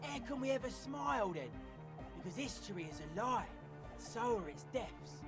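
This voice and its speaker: A man's voice: very high voice, big pitch swings, normal speed. An actor playing a brooding young male hardcore music fan in a video game, speaking in a solemn, cryptic way over game music.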